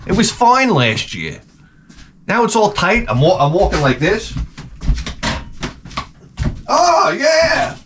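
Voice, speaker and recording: Animated ranting man. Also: sits high, moderate pace, a little hiss or hum. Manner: animated, swearing, storytelling. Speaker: video host. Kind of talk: comedic rant. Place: garage workshop.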